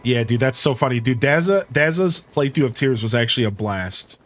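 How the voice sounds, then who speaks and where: A man's voice: medium pitch, fairly quick. Chatty male streamer talking through gameplay. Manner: chatty, lots of "like" and "dude"; animated when telling stories. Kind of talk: casual gameplay commentary.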